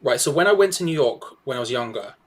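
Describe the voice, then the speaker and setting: A young man with a medium-pitched voice co-hosts a live football watch-along. He teases his partner, breaks down the plays and spins long, animated anecdotes. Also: fast talker, a loud crowd. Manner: chatty, teasing, animated storyteller. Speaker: co-host. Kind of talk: casual match watch-along chat.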